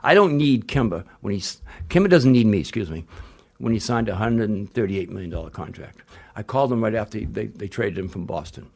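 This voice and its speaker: A man's voice: fairly low pitch, animated, fairly quick, creaky, husky. An older man, a retired basketball coach, telling stories in a casual interview, blunt and rambling, with frequent restarts and salty language.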